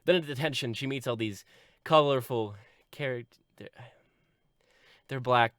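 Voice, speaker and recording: A man giving a deadpan, sarcastic comedic plot recap as a video host. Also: moderate pace, no echo, studio quality. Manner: deadpan sarcastic, lively swings in pitch.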